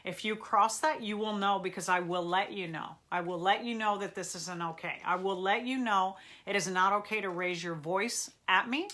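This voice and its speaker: A woman's voice: mid-range voice, moderate pace, few pauses, sharp tone. A woman therapist hosting a live question-and-answer talk, speaking in a firm, earnest, intense public-speaking manner. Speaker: therapist and show host.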